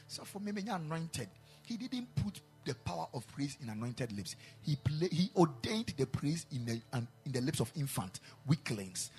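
A man with a Ghanaian accent preaching a sermon in a chapel, mixing English and Twi, building to loud emphatic peaks. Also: medium pitch, sing-song, normal speed, faint music behind. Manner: switches between English and Twi, rising to shouted emphasis.

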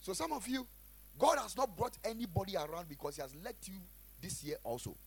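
A man preaching a sermon as pastor, emphatic, repeating phrases and swinging between loud and quiet. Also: sits high, lively intonation, fairly quick, creaky, slightly rough. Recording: faint music behind.

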